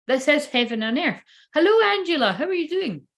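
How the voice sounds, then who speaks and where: A woman's voice: sits high, very animated, a little fast. A woman giving a casual, rambling livestream tarot reading, swearing freely and feeling unwell and tired. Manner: chatty, swearing, rambling asides. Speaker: tarot card reader.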